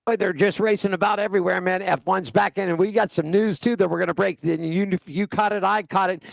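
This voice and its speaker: A man's voice: high voice, fairly even intonation, fairly quick, creaky, no room sound. A male co-host of a racing radio show reading the race weather and an ad in an easygoing, folksy way. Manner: easygoing, folksy, says buddy and man. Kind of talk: casual racing radio talk. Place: Las Vegas area.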